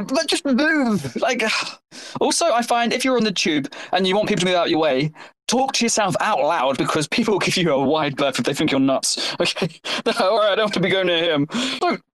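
A man, co-hosting a podcast in jokey, animated chat. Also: high voice, poor audio. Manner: animated, jokey, does silly voices. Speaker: podcast co-host. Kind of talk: casual chat.

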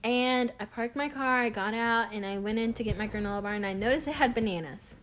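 Young woman vlogging, chatty storyteller, kinda high voice, laughs a lot. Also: fast, a little hiss or hum. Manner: animated, chatty, laughs often. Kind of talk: casual storytelling to camera.

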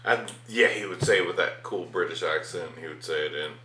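A laid-back man co-hosts a casual podcast, agreeable and quick to curse. His voice is bright, and it rings in a roomy, echoey space. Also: low voice. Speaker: podcast co-host. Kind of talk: casual chat.

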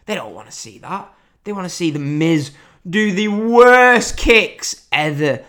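A man's voice: high voice, lively intonation, a little slow. A man, hosting a wrestling podcast in an exasperated, sweary ranting style. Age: 20s. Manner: exasperated, sweary, swings from loud outbursts to mutters. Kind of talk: casual ranting commentary.

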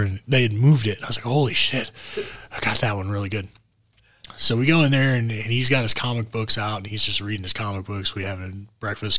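A man's voice: on the low side, no room sound. Man telling a road story, dry close mic. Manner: animated, acts out quotes of others. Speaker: podcast co-host. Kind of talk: casual storytelling.

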